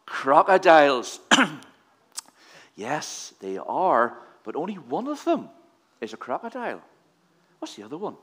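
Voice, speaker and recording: A man's voice: a little high, big pitch swings, unhurried, long pauses, fairly bright tone. A man giving a playful children's address in a church service, asking the children questions. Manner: playful, quizzing kids with questions. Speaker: leader of a children's talk in church.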